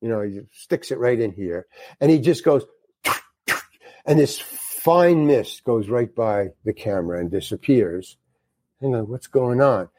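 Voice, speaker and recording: An older man, a guest actor, telling an animated story and swearing freely as he acts out the other people in it. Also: on the low side, unhurried, dry recording. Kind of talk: anecdotal storytelling.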